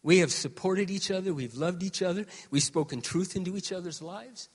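A man in his sixties preaching a sermon as pastor, moving between quiet, confiding talk and loud, shouted exhortation. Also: high voice, moderate pace, slightly rough, big-room sound. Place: church sanctuary.

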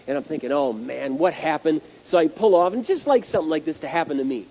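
Male pastor, high and very animated, emphatic storyteller, dull lo-fi recording. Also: rapid-fire, a little hiss or hum. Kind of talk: sermon with storytelling.

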